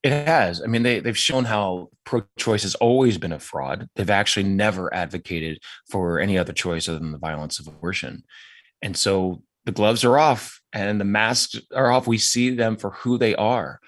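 Brief: male guest, lowish voice, earnest and emphatic, dry close sound. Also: normal speed, dry recording. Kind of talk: interview answers.

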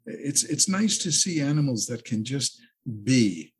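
A man's voice: medium pitch, sing-song, a little slow, breathy edge. A man co-hosting a podcast in a thoughtful, reflective conversation, now and then playful and joking. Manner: thoughtful, playful, makes animal noises. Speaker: podcast co-host.

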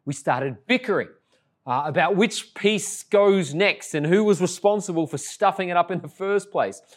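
A middle-aged Australian pastor opens his sermon with a conversational story, moving between lively moments and hushed, tender ones. He has a high voice and speaks at a moderate pace.

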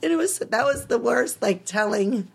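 A woman's voice: fairly high pitch, animated, moderate pace, creaky, husky. A woman in her thirties, an interview guest, telling a personal story candidly and with emotion, laughing at times.

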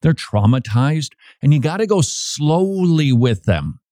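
A man hosting a radio talk show, preaching in a lively way and acting out quoted voices, often repeating his words. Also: on the high side, unhurried, no echo, studio quality.

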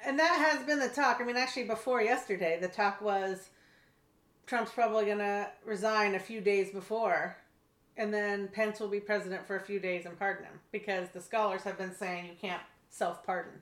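A woman's voice: mid-range voice, fairly even intonation, moderate pace, fairly bright tone. A woman co-hosting a casual political chat, wry and skeptical, laughing lightly between points. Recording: echoey room.

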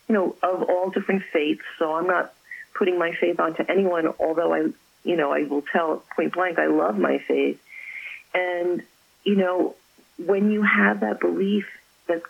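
A woman, an author, chatting as an interview guest and telling stories about her faith with effusive warmth. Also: lowish voice, creaky, breathy edge, highs cut off. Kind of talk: casual interview chat.

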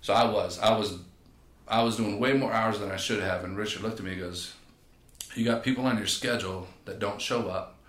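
A man, a podcast guest and personal trainer, telling stories in a casual, animated way and acting out quotes. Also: on the low side, fairly quick. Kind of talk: casual storytelling. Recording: echoey room.

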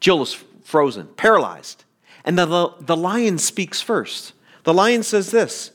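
A man preaching a sermon as pastor, earnest and deliberate, with stammered restarts. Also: high-pitched, very animated, fairly bright tone.

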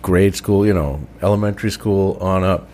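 A man's voice: low voice, steady tone, moderate pace, a little mellow, a little hiss or hum. A man hosting a casual talk, sharing a side story of his own and reacting briefly to his guests. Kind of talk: casual chat.

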